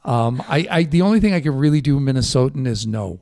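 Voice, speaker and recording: A man's voice: mid-range voice, lively intonation, quick pace, vocal fry, a little mellow, slight background noise. A man with a Chicago accent hosting a radio show from a studio, chatty and self-deprecating. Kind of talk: casual talk radio banter. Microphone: studio microphone.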